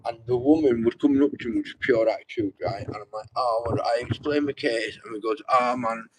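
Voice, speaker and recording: A man's voice: medium pitch, fairly quick, darkish tone, slight background noise, poor audio. A young man, rambling and swearing as he talks straight to his livestream viewers. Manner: rambling, swears a lot, addresses viewers directly.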